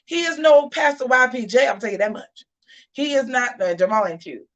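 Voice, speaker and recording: A woman hosting a casual live show. She tells a story in a sassy, animated way and keeps calling her viewers y'all. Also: high voice, moderate pace. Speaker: host of a live gossip and commentary show.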